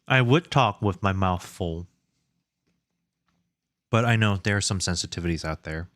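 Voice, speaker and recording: A man's voice: low-pitched, moderate pace, a bit bright, dry recording. A young man streaming game development from home at a desk mic, chatting casually, reading chat aloud and joking about himself. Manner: rambling, reads chat aloud, self-deprecating jokes. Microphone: desk microphone.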